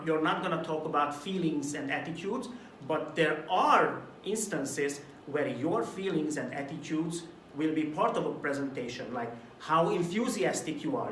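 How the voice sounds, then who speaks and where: A man from Hungary giving a recorded video talk to camera about presentation delivery, lively and at times acting out a dull, mumbled way of speaking as a contrast. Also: fairly high pitch, reverberant, distant mic, a little hiss or hum. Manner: animated, demonstrates flat and mumbled delivery as examples. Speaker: presentation coach.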